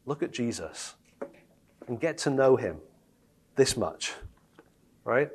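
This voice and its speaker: A man preaching a sermon in a lively, conversational way, firing rhetorical questions at his listeners. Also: medium pitch, slow pace, slightly rough.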